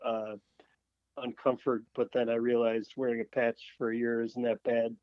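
A man, a guest on a casual podcast, answering in a thoughtful, measured way over a remote call. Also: medium pitch, level tone, dry recording. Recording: dry muffled remote call audio.

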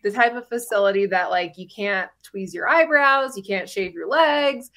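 Bright-voiced woman telling her story. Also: mid-range voice, moderate pace. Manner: chatty, frequent "like" fillers, laughs between phrases. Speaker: podcast guest. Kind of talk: personal storytelling interview.

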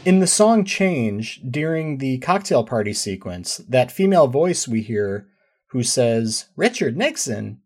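A man hosting a podcast interview, asking measured, detailed fan questions. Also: mid-range voice, big pitch swings, a little mellow, husky. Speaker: podcast host.

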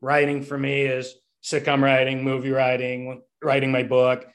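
A man's voice: mid-range voice, monotone, normal speed. A comedy writer and stand-up comic answering interview questions in a long-winded, rambling way, often restarting his sentences.

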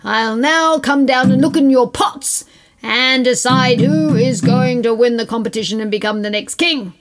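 A woman storyteller voicing a king who makes a formal, measured announcement. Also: on the high side, lightly acted. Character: stately king holding a competition.

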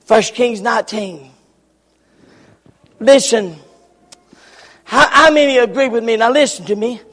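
A man preaching a sermon with passion, repeating his phrases and breaking into shouts. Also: very high-pitched, unhurried. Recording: long reverb of a large hall.

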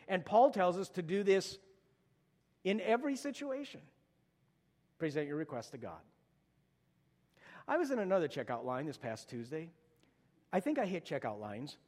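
A man's voice: fairly high pitch, big pitch swings, normal speed, long pauses, a little mellow, long reverb tail. A middle-aged male pastor preaching a sermon, telling stories conversationally and rising to urgent exhortation.

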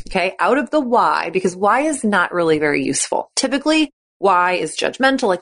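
A woman's voice: medium pitch, lively intonation, fast. Chatty encouraging woman coach. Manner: encouraging, chatty, acts out quoted thoughts. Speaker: gymnastics coach and podcast host. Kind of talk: podcast monologue.

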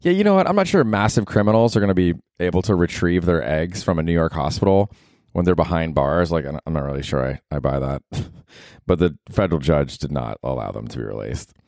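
A man with a low voice hosts a comedy podcast, rambling sarcastically and swearing freely. He sounds close to the mic in a dry room with no echo. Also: fairly quick, vocal fry. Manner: sarcastic, swears a lot, animated asides. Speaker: podcast host. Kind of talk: casual comedic monologue.

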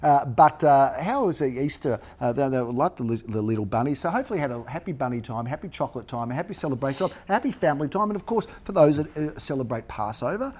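Middle-aged aussie bloke co-hosting a real estate chat, rattles along quick, chatty, keeps saying his mate's name. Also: medium pitch, lively intonation, darkish tone. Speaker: real estate agent co-host. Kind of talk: casual chat.

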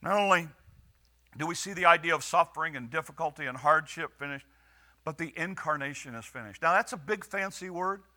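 A man preaching a sermon as pastor, earnest with dramatic pauses and raised quoted lines. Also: a little high, bright, forceful tone.

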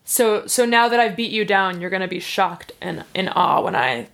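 A woman's voice: mid-range voice, lively intonation, normal speed, vocal fry, a bit bright. A woman in casual chat, recapping plot points in a chatty way and laughing often. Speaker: podcast co-host.

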